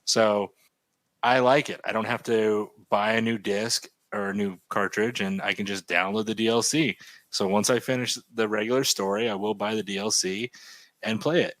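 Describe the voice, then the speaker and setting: Thirties guy, lowish voice, rambly casual chat, dry mic, sounds like a call. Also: moderate pace, dry recording. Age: 30s. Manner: rambling, animated gamer talk. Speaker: podcast co-host. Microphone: remote call mic.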